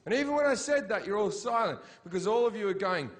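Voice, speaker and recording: A man performing a stand-up set in a theatre, swearing constantly and swinging between shouted rants and low, mumbled asides. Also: expressive, fast talker. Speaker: stand-up comedian. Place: sold-out theatre.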